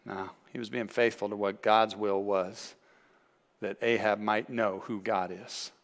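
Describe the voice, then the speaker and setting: A man's voice: fairly low pitch, steady tone, measured pace. A man preaching a sermon as pastor, earnest and acting out voices from the stories he tells. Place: church sanctuary. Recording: long church reverb.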